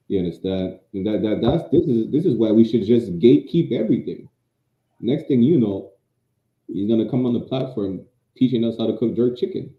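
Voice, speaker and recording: A man's voice: fairly low pitch, animated, a little fast. A man co-hosting a podcast in argumentative casual chat, often stammering into restarts, heard over a tinny line. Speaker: podcast co-host. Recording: tinny phone-like line, roomy echo.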